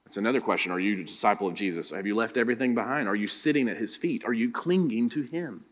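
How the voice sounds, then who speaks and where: A man's voice: lowish voice, quick pace, fairly bright tone, in a large hall. A man preaching a sermon as pastor, pressing the congregation with direct questions. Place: church room.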